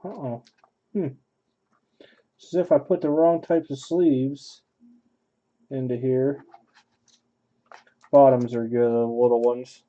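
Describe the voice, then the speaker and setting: A man's voice: medium pitch, fairly even intonation, slow pace, long pauses, mellow, lo-fi sound. A man hosting a card break, giving offhand running commentary and thinking aloud as he opens packs. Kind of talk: casual card-opening commentary.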